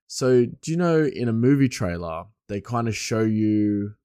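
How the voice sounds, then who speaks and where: A man hosting his podcast alone, rambling loosely and chuckling, his voice a bit hoarse. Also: lowish voice, animated, a little slow, mellow, no room sound, clean studio sound. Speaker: podcast host. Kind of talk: casual podcast monologue.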